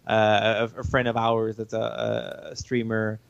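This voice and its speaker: A man whose first language is French, a game developer explaining his work in a casual interview, halting and chuckling as he talks. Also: lowish voice, completely flat delivery, gravelly, smooth, dry recording, lo-fi sound.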